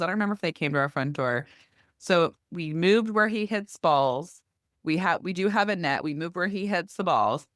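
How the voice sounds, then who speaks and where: A middle-aged woman co-hosting a podcast, telling a long story in a lively, chatty way. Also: on the low side, no room sound, clean studio sound. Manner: lively storytelling, acts out quoted neighbors. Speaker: podcast co-host. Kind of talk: casual chat.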